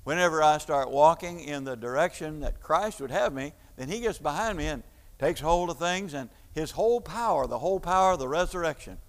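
A man's voice: a little high, animated, a little fast, big-room sound. A man preaching a sermon, explaining an idea step by step like a teacher, with frequent fillers and restarts. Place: church hall.

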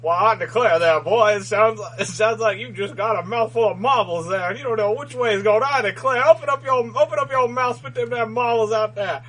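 Man putting on a blustering Southern drawl, high voice, husky, cartoon rooster style. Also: fairly quick, hardly any pauses, fairly bright tone, rough recording. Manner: exaggerated Southern drawl, "I declare".

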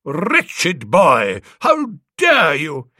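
A man voicing a pompous old vicar who scolds in loud, stern pronouncements. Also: on the high side, very animated, slow pace, dry recording, studio quality, heavily acted. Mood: scolding.

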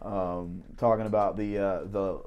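A man's voice: low voice, fairly even intonation, a little slow, smooth, muffled recording. A man co-hosting a podcast in casual chat, joking and teasing the others and laughing at his own lines. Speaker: podcast co-host.

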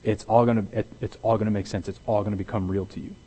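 A pastor delivering a conversational sermon, often restarting his sentences and growing animated when he acts out what is said. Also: fairly low pitch, fast talker, slightly rough, poor audio. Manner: conversational with repeated restarts, grows loud and animated in dramatized quotes.

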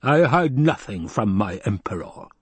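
A man reading an audiobook and voicing a scheming, gluttonous baron, speaking slowly and coldly. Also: sing-song, husky, dry recording, full character voice. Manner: slow, low, cold and calculating. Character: scheming, gluttonous male baron, cold and wary.

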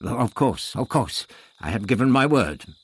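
A man's voice: mid-range voice, sing-song, a little slow, slightly rough, pitched above the performer's own voice. A man voicing an elderly male doctor who speaks dryly and sardonically. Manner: dry, sardonic.

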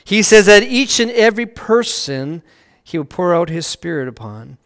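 A man preaching a sermon as pastor, earnest, swelling louder on key phrases and dropping to a hush on scripture. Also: sits high, sing-song, moderate pace, in a large hall.

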